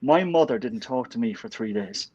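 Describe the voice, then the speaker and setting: A middle-aged Irish man telling a lively story in a casual chat. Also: mid-range voice, moderate pace, muffled recording. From Ireland. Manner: animated anecdote-telling with laughs.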